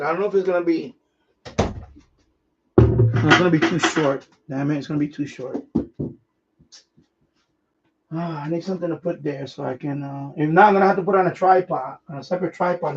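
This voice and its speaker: Talking fast in a fairly high, slightly mellow voice with a breathy edge, a man runs a ham radio stream. He handles his gear through a casual demonstration, rambling and restarting sentences. The stream sounds dull and lo-fi.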